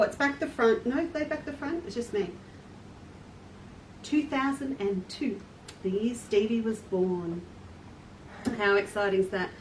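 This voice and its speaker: A woman's voice: on the high side, recorded from a distance. A chatty, self-deprecating woman runs a casual live demonstration. She sounds set back from the mic in a roomy, echoey space. A faint hiss of background noise sits behind her voice. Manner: chatty, friendly, laughs at herself. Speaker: quilt shop owner hosting a live stream.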